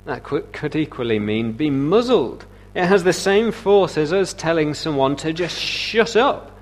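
A man's voice: on the high side, lively intonation, normal speed. A man preaching a sermon in a conversational way, asking rhetorical questions and using many "uh" fillers.

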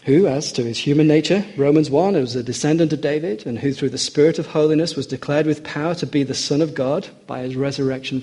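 Male preacher, husky and mellow, earnest sermon delivery with emphatic rises. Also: medium pitch. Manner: earnest, rising for emphasis, slows on quoted scripture.

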